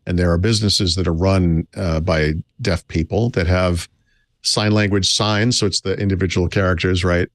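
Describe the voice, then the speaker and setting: A middle-aged man with a deep, low voice trades casual thoughts as a podcast co-host. He stops and restarts his sentences often and corrects himself mid-thought. His voice sounds close and dry, with no room around it. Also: steady tone, no room sound. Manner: halting, full of restarts and self-corrections. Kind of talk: casual tech podcast chat.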